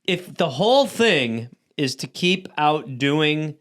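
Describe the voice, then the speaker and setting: A man's voice: on the high side, takes it slowly. A man co-hosting a podcast, telling a story in casual, profane talk and acting out the people he quotes. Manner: animated, profane, acts out quoted voices. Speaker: podcast co-host.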